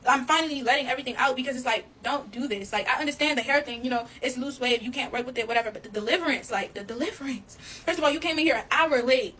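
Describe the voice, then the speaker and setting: Woman vlogger, quick and fairly high, casual storytime, blunt and animated. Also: a little hiss or hum, poor audio. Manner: fast, animated, addresses listeners as y'all, swears freely.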